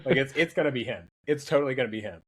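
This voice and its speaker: A man's voice: mid-range voice, rapid-fire, breathy edge. A young man in casual podcast chat, joking and rambling as he goes. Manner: joking, rambling, self-interrupting. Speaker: podcast guest.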